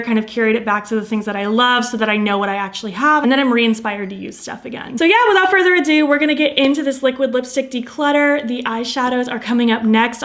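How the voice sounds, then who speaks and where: A young adult woman chatting in a casual beauty vlog, bubbly and enthusiastic, her voice a bit tired from hours of filming. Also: a little high. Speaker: beauty vlogger.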